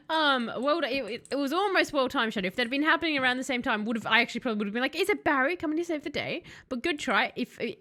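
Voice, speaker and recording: Bright high-voiced woman streamer. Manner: chatty, sarcastic, talks to the game character and chat. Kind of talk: casual let's-play commentary.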